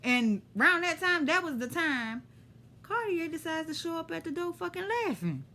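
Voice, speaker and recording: A woman with a New Orleans accent telling a story to camera in a lively, profane, slangy way. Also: very high-pitched, normal speed, a little hiss or hum. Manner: animated, profane, street slang. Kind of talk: casual storytime.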